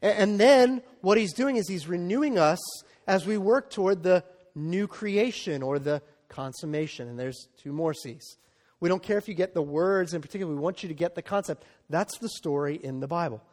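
A man with a notably high voice preaches to his congregation, talking in a loose, conversational way and checking in with the room as he goes. The sound carries a long reverb, as if caught in a large church hall. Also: moderate pace, darkish tone. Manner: conversational preaching with frequent "right?" and "okay?" asides. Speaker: pastor. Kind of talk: sermon.

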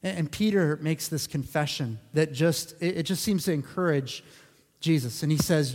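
A man's voice: on the high side, moderate pace, darkish tone. A male pastor preaching a sermon in an earnest way, repeating phrases for emphasis. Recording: long hall reverb.

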